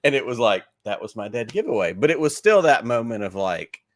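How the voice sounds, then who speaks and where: A Southern-accented man with a mid-range voice speaks very animatedly and a little fast, with no room sound. He's a podcast guest in a casual interview, eagerly rambling through stories about his hobby, packed with filler words and plenty of "like"s.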